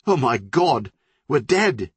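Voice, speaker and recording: A man's voice: mid-range voice, animated, measured pace, fairly bright tone, breathy edge, no echo, voice pushed up. A male audiobook narrator voicing a blunt, street-smart young woman who speaks in clipped, urgent commands. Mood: panicked.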